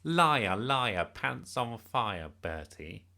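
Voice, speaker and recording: A man voicing a sneering schoolboy bully in a storybook, in a slow drawl. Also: fairly low pitch, big pitch swings, gravelly, pushed and bright, voice pushed up, full character voice.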